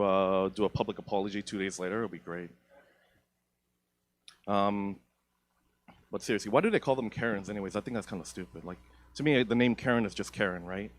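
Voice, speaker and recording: A young man doing stand-up comedy on a theatre stage, profane, rambling and self-mocking, into a handheld mic. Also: on the low side.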